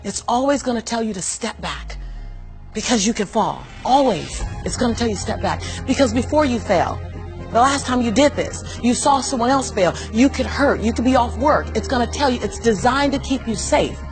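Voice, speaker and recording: A woman's voice: a little high, animated, normal speed, over music. Emphatic, preacherly woman storyteller. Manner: emphatic, preacherly, laughs often. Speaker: interview guest sharing her life story. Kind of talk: animated personal storytelling.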